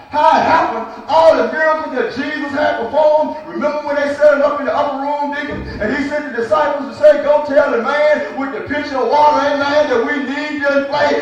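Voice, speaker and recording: A man preaching a sermon in rhythmic, repeated refrains, often shouting and calling out congregation members by name. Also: very high-pitched, highs cut off. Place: church. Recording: very echoey church from a distant mic.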